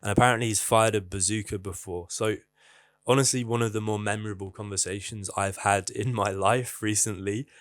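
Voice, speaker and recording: Young guy, candid vlogger, low-pitched, dry close sound, swears casually. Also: fairly even intonation, brisk, dry recording. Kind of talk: casual advice monologue.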